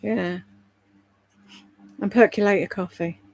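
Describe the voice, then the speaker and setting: A woman's voice: medium pitch, fairly even intonation, slow pace, vocal fry. A British woman chatting casually on a live stream, rambling between topics and reading out viewer comments. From Britain. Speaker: live streamer and voice-over artist.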